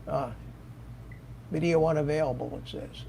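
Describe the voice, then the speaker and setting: An older man hosts a hobby livestream over a video call, his voice sitting a little high. He rambles and restarts often, with a faint hiss behind him. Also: fairly even intonation, moderate pace, gravelly, warm tone. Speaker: livestream host. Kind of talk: casual panel chat.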